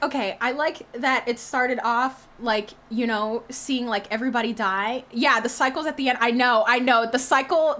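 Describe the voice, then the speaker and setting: A young woman streaming, reacting loudly with shrieks and swearing, then rambling casually about what she watched. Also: high-pitched.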